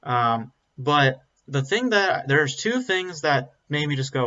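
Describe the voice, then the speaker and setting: A man's voice: a little high, very animated, takes it slowly, bright, forceful tone. Blunt rambling man reviewing a film. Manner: blunt, rambling, frequent ums and restarts. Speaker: movie reviewer. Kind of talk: casual spoken film review. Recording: slightly dull lo-fi audio.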